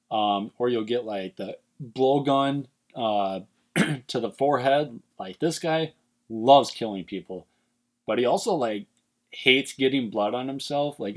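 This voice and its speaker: A man casually ranking movie villains, animated and emphatic, swearing often and using many fillers. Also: mid-range voice. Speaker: movie list vlogger.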